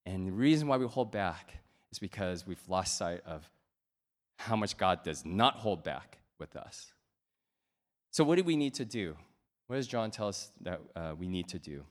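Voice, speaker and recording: A man in his thirties delivers a sermon in a spacious hall, his words trailing off into long reverb. His storytelling is animated and playful, with a lively, wide-ranging pitch. He moves between loud, excited stretches and quieter, softer ones. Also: moderate pace. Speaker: pastor.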